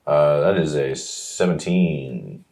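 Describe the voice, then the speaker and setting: Very deep-voiced slow male player. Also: gravelly, a little mellow, slight background noise. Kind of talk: casual tabletop play.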